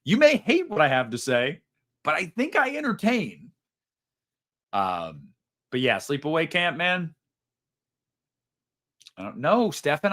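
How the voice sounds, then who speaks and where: A man's voice: on the high side, huge pitch swings, measured pace, pauses often, bright, forceful tone. A young man hosting a casual live stream, reading super chats in a rambling, self-mocking way and swearing freely.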